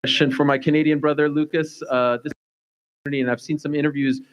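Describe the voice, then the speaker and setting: Guy running a fight presser, rapid fire questions, lots of uhs. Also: on the high side, flat delivery, muffled recording. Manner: fast, filler-heavy questioning. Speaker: press conference moderator.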